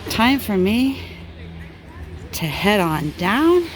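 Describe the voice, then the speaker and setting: Breathless woman vlogger, unhurried delivery, phone-filmed outdoors, faint noise behind. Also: mid-range voice, sing-song. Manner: chatty, talks straight to viewers. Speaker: crafting channel host. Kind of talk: casual vlog chat. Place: outdoor hillside amphitheater at high altitude. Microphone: handheld phone camera.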